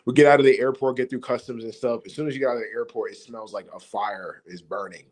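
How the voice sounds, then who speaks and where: A man calling in to a stream, telling a relaxed story with many ums. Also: medium pitch, quick pace. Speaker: guest caller. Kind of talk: casual storytelling.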